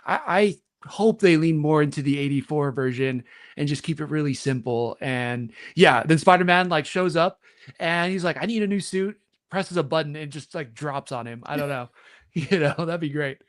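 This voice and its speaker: A man's voice: a little high, moderate pace. A man hosting a casual group chat, laughing often and reading out viewer questions.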